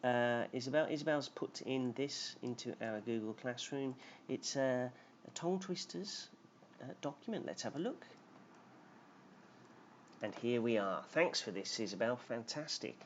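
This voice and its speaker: A man teaching a live-streamed lesson, halting with many filler sounds and playful as he tries tongue twisters. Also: mid-range voice, lively intonation, slight background noise. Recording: dull lo-fi live stream audio.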